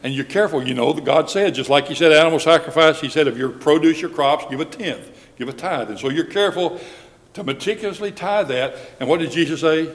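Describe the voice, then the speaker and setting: A man preaching a Sunday sermon, with a measured delivery that slows down when he reads scripture aloud. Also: a little high. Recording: reverberant hall.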